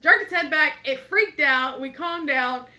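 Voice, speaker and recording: High bright animated woman, laughing storyteller. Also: unhurried. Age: 20s. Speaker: co-host. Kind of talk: casual chat, reading live chat.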